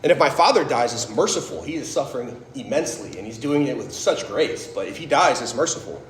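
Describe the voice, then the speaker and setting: With a medium pitch and an expressive, fairly quick delivery, a thirtysomething man shares his testimony at a faith talk. The sound is roomy, and he narrates in a chatty way, frequently saying "like" and "right?".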